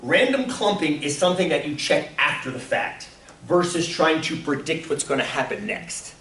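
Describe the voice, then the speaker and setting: A man teaching statistics in a classroom, telling stories in an animated way and often laughing. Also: fairly high pitch, moderate pace. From Delaware. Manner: animated storytelling, acts out voices, laughs often. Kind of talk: classroom lecture. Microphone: far room mic. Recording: echoey room from far off.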